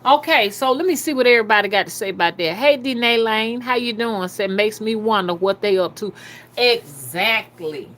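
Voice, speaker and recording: A woman's voice: fairly high pitch, a little fast, few pauses, fairly bright tone. A woman hosting a casual livestream, reading viewer comments aloud in a loose, talkative manner. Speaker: livestream host.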